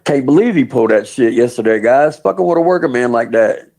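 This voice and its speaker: A man's voice: medium pitch, expressive, a little fast, creaky, darkish tone, low-quality recording. A man hosting a livestream, cursing and mocking people, taunting them with questions and laughing often. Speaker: livestream host. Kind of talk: profane livestream rant.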